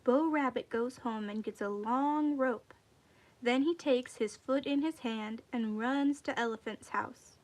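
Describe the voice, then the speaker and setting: A woman's voice: a little high, unhurried. A woman reading a folk tale aloud expressively, acting out its sound words. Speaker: storyteller.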